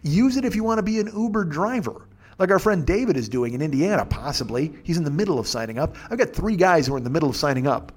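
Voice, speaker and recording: A man's voice: on the high side, expressive, quick pace, husky. A man hosting a casual podcast, ranting and swearing with sarcasm and mocking little impressions of other people. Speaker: podcast host.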